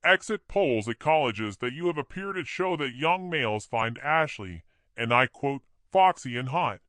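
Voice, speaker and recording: A man's voice: mid-range voice, lively intonation, normal speed, a bit bright, no room sound, voice pushed up, close to an everyday voice. A man voicing a prim, matter-of-fact woman pollster in a storybook reading.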